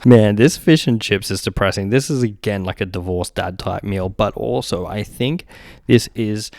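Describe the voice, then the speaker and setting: A young man with a lowish voice vlogs in a loose, joking rant full of swearing and quick laughs. The sound is dry and close, with no room around it. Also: darkish tone, dry recording. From Australia. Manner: profane, joking rants with frequent laughs. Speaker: vlogger. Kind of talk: casual chat.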